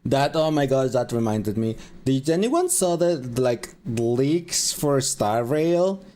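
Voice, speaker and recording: A man streaming a game, chatting casually with viewers and rambling with halting pauses. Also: medium pitch, expressive, warm tone. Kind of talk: casual live-stream chat.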